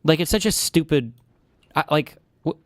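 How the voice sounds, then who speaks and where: A man's voice: on the high side, lively intonation, moderate pace, no room sound, clean studio sound. A man reacting to a debate clip in casual commentary, talking in an exasperated, incredulous way.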